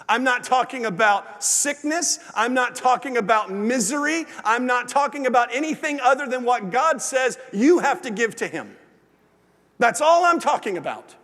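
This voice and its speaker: Casting: pastor, high-pitched voice, sermon in a reverberant sanctuary. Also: male voice. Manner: swings from lively and loud to low and hushed. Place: large church sanctuary. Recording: long hall reverb.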